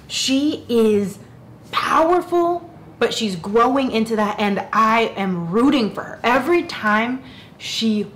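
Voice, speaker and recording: A young woman reviewing books in casual chat, animated and rambling, often interrupting herself. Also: mid-range voice, slight background noise. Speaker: book reviewer.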